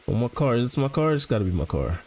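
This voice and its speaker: A man's voice: mid-range voice, big pitch swings, quick pace, darkish tone, poor audio. A man casually commentating as he plays a horror game, joking in slang and reacting to what happens. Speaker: gaming channel host.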